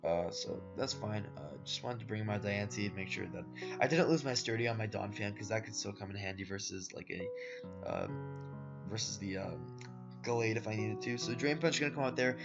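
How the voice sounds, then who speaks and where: A man's voice: lowish voice, fairly quick, gravelly. A man giving casual voice-over commentary on his own competitive game matches. He rambles in a laid-back way, with lots of fillers, and talks to viewers as "guys" and "boys". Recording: dull lo-fi audio with background music. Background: soft guitar background music.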